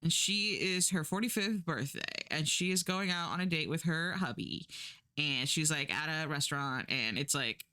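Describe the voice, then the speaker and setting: A woman's voice: low voice, moderate pace, bright, forceful tone, clean tone. A woman streamer recapping a book in casual chat, rambling through lots of fillers and restarts, and blunt and profane when something annoys her.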